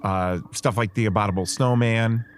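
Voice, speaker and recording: A man's voice: lowish voice, steady tone, a little fast, soft background music. A man co-hosting a film podcast, chatting casually in a rambling, hesitant way and often correcting himself. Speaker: podcast co-host. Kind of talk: casual film-review chat.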